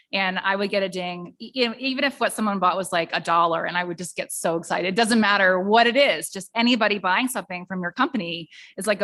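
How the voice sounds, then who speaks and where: A woman's voice: mid-range voice, sharp tone. A woman presenting a small-business workshop, speaking in an upbeat, conversational way and asking the audience questions.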